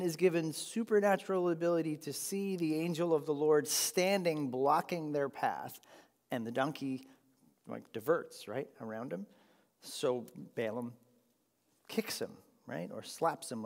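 Animated man preaching in a big hall. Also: fairly high pitch. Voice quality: animated, playful storytelling with voiced characters. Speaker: pastor. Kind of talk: sermon retelling a scripture story to families.

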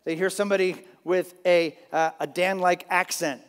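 A male Bible teacher with a slightly high voice, talking in a lively, conversational way. He often restarts his sentences mid-thought. A long hall reverb trails his words. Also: moderate pace. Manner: animated, conversational, with frequent restarts. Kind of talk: Bible lesson.

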